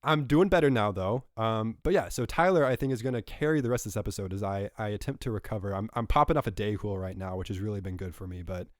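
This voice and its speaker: A man's voice: fairly low pitch, quick pace, hardly any pauses, no echo, clean studio sound. A young man co-hosting a podcast, telling rambling stories in casual chat while recovering from a cold. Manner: rambling, self-correcting storyteller. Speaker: podcast co-host.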